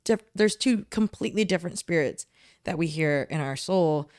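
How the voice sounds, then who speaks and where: Young woman, podcast co-host, casual faith chat, animated, filler-heavy, dry close sound. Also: lowish voice, normal speed, dry recording. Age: young adult.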